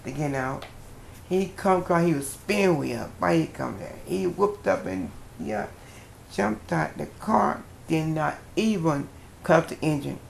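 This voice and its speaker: An older woman telling a personal story as a guest, in a lively storytelling manner with a dialect grammar. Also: sits low, measured pace, gravelly, roomy sound, a little hiss or hum.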